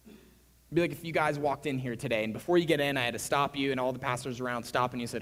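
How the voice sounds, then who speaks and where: A man preaching a sermon as pastor, animated, his voice swinging between hushed and loud. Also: medium pitch, fast. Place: church. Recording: reverberant church hall.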